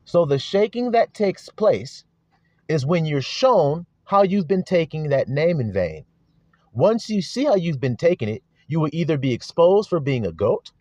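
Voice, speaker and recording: Animated preacher man, lo-fi dry sound. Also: a little high, dry recording. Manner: repetitive chanting emphasis, rhetorical questions to the flock. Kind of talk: sermon teaching. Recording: dull lo-fi dry recording.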